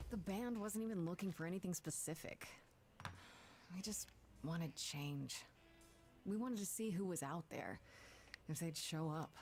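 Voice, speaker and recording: A woman's voice: lowish voice, a little slow, long pauses, a little mellow, faint music behind. An actress in her twenties voicing a restless young woman in a story game, with dry, wry humor. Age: 20s. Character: young woman bandmate, restless and unsure of herself. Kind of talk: game voice acting.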